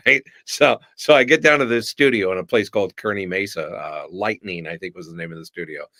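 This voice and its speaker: A middle-aged man, a voice actor, telling lively stories in an interview and slipping into different voices. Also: sits low, a little fast, dry recording, studio quality. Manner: animated storyteller who slips into voices. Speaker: voice actor guest. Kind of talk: storytelling in a podcast interview.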